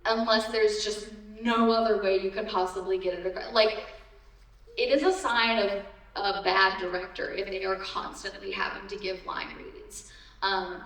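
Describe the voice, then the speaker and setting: A woman's voice: mid-range voice, fairly even intonation, moderate pace, fairly bright tone. A woman in her thirties, a voice actor on a convention panel, chatting in a rambling, giggly way with lots of ums. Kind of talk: casual Q&A storytelling. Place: large convention hall. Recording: echoey hall from far off.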